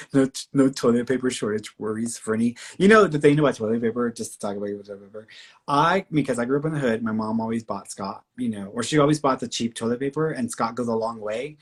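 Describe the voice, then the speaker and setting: A man with a husky, slightly breathy voice hosts a live stream and chats through a personal story. He talks casually, with lots of "like" and restarts. When he quotes other people he jumps into a noticeably higher voice. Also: fast talker. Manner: animated storyteller who acts out quoted speech in a higher voice; chatty, full of "like" and restarts. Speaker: psychic medium, live-stream host.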